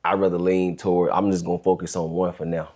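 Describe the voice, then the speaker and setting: Deep mellow male co-host asking questions. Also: little pitch movement, fast. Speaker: podcast co-host. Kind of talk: casual interview chat.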